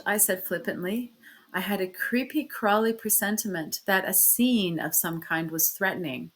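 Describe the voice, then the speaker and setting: A woman reading a classic story aloud in the first person, with expressive shifts in pitch and loudness. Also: moderate pace. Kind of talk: storybook read-aloud narration.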